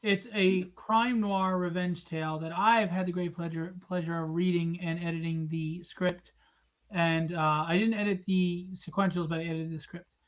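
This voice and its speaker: A man's voice: high voice, steady tone, normal speed, dull audio. A man hosting a live drawing stream, chatting casually and rambling through jokes and plugs. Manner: joking, rambling, teasing.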